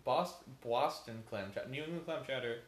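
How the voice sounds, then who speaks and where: A man's voice: medium pitch, lively intonation, moderate pace, a little hiss or hum. A man co-hosting a podcast, giving long, opinionated explanations in casual chat. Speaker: podcast co-host. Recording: echoey room.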